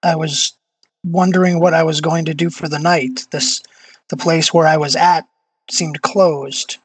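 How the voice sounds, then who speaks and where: Tabletop player in character, measured, hesitant, evasive, mid pitch, dry. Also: fairly even intonation, slightly rough, no echo, poor audio. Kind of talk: in-character tabletop role-play.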